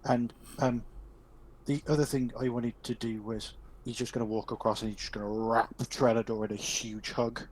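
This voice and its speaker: A man's voice: mid-range voice, little pitch movement, moderate pace, a little mellow, a little hiss or hum, low-quality recording. A man playing a tabletop game, describing his character's actions hesitantly. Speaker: player.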